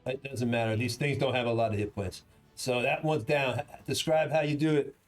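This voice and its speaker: A man's voice: mid-range voice, steady tone, normal speed, soft background music. A man running a tabletop game as game master, casual and chatty, often correcting himself. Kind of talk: narrating a tabletop game over a video call.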